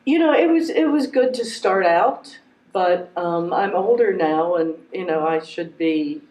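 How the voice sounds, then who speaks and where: A man's voice: high voice, unhurried, a little mellow. Hesitant middle-aged man, echoey room. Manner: hesitant, rambling, many fillers. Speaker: client in a training role-play. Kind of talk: clinical interview role-play.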